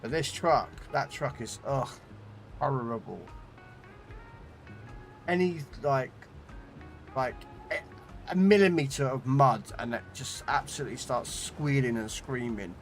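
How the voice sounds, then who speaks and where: A gaming streamer plays a video game live, chatting casually with viewers and cursing at the game. His voice is medium-pitched and a little slow, with long pauses, soft music behind him, and a desk condenser mic.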